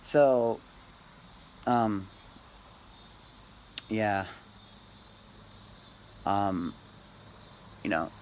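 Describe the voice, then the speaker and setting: A man's voice: on the low side, darkish tone, slight background noise, poor audio. Rambling, musing man talking to camera. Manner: meandering, philosophizing, long pauses, fills with "man" and "dude". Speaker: vlogger.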